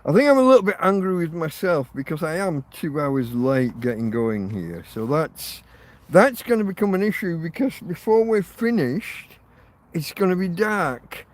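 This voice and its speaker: A man's voice: fairly high pitch, big pitch swings, normal speed. A man hosting a rambling live stream from his phone, sweary and self-deprecating as he rants. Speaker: livestream host. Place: in or by a tent outdoors.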